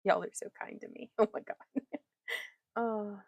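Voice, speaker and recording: A woman's voice: mid-range voice, steady tone, measured pace, darkish tone, breathy edge, no echo, dull audio. A woman hosting a craft live stream, chatting and laughing with her viewers while she demonstrates her weaving work. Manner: chatty, giggly, talks to chat viewers.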